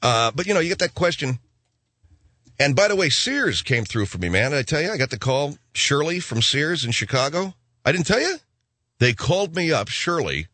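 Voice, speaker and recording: A man's voice: fairly high pitch, very animated, normal speed, bright, forceful tone, no room sound. A man hosting a radio show, telling rambling stories with sarcastic jokes. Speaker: radio host. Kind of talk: comic radio monologue.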